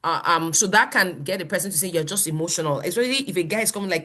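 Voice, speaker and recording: A woman pastor with a Nigerian accent, teaching in an animated, chatty way and often acting out what people say. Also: medium pitch, very fast, few pauses. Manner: animated, laughs often, quotes people in voices. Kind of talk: conversational teaching.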